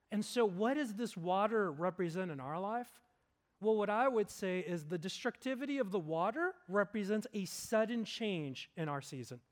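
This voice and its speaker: A man preaching a sermon as a pastor, earnest, swelling to emphatic peaks and then dropping low and slow for solemn points.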